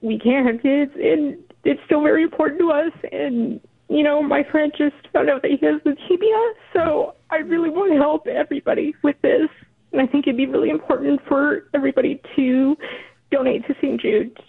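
A woman calling in to a radio show, hesitant and a little emotional, with halting fillers. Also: sits high, vocal fry, dry recording. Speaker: caller. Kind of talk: radio call-in. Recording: tinny phone line.

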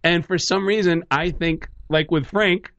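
Animated male comedian telling a story. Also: a little high, unhurried, highs cut off. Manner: lively, acts out every quote in voices. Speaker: comedian and voice actor, guest. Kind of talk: animated storytelling on a talk radio show.

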